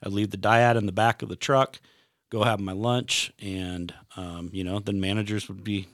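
A middle-aged man with a lowish voice tells long work stories in a loose, rambling way, stopping and restarting around fillers. The sound is close and dry, with no room around it. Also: level tone, normal speed, a bit bright, no room sound. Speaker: retired delivery driver. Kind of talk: casual podcast chat.

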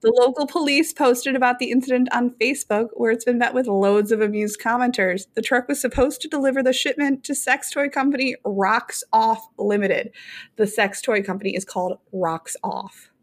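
A woman co-hosting a podcast in casual chat, animated and joking, with frequent swearing. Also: on the high side, brisk, hardly any pauses. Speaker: podcast co-host.

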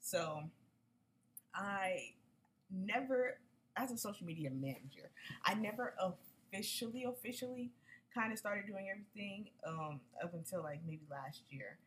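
A woman's voice: mid-range voice, expressive, measured pace, a bit bright, slight background noise, rough recording. A woman hosting a casual solo podcast, chatty and upbeat, using slang and talking straight to her listeners. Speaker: podcast host.

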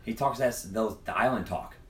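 In casual chat, a man tells a long, profane, rambling story, acting out the other people's lines. His voice is fairly low, a bit bright and a little fast, recorded in an echoey room with the mic far off.

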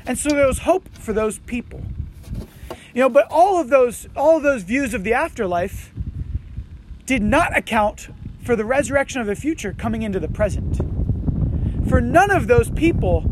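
A man with a strikingly high voice preaching a sermon outdoors, slipping easily from scripture reading into casual, animated talk with his congregation. He leans on "you know" and "right" as he talks. A faint hiss of wind sits behind him. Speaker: pastor. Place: outdoors under tents on a windy morning.

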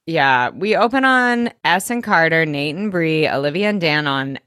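Chatty young woman, lowish voice, dry sound. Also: dry recording. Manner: chatty, animated, quick asides and impressions. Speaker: podcast co-host. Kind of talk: casual chat recapping a TV show.

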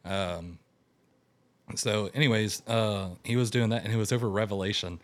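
Animated young man telling his story. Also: fairly low pitch, normal speed. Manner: animated, acts out quotes in raised voice. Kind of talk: casual storytelling.

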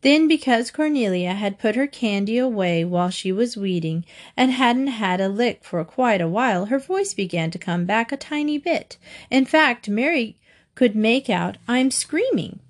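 A woman's voice: a little high, expressive, normal speed. Woman reading a children's book. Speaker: narrator.

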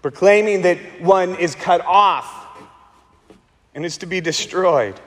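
A man preaching a sermon as pastor, slowing and repeating words for emphasis, with dramatic pauses. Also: sits high, fairly bright tone, big-room sound.

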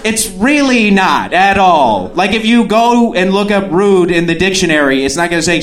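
Young male comic with a very animated voice who rambles and chuckles his way through a story. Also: high-pitched, normal speed, few pauses. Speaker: stand-up comedian. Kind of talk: stand-up comedy.

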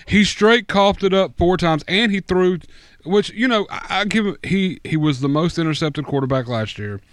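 A man's voice: high voice, lively intonation, normal speed, clear, resonant tone, no room sound. A man co-hosting a casual sports podcast, rambling in an exasperated, profane way. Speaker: podcast co-host. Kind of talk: casual fantasy football chat.

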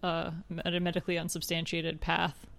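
A man's voice: a little high, completely flat delivery, moderate pace, gravelly, a bit bright, clean tone. A man co-hosting a podcast in casual chat, thinking aloud with fillers and laughing often. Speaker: podcast co-host.

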